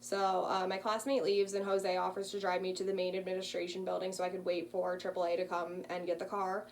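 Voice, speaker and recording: A student in her early twenties casually tells a personal story, using lots of ums. Her voice is fairly low and quick with a completely flat delivery, picked up by a distant mic with a faint hum.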